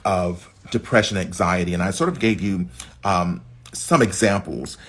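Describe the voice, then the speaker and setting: A man teaching a livestream class on mental health, talking straight to his audience and jumping up in pitch to stress his points. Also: husky. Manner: animated, leaps up in pitch to stress points, addresses the audience as folk.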